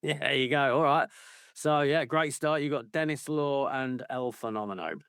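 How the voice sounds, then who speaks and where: A man's voice: mid-range voice, moderate pace, fairly bright tone, clean tone, no room sound, studio quality. A man co-hosting a casual football podcast, ranting playfully and swearing freely. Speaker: podcast co-host.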